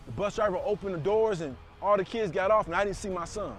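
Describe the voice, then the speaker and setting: A middle-aged man delivers a preachy motivational talk, full of emphatic repetition and call-outs. His speaking voice sits high for a man. Soft music plays faintly behind him. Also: quick pace. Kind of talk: motivational speech to camera.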